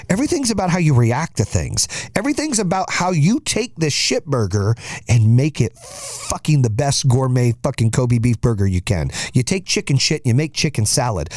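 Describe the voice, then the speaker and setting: A man's voice: medium pitch, a little mellow, no room sound, studio quality. A middle-aged man hosting a podcast, giving a blunt, profane, emphatic motivational monologue. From United States. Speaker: podcast host.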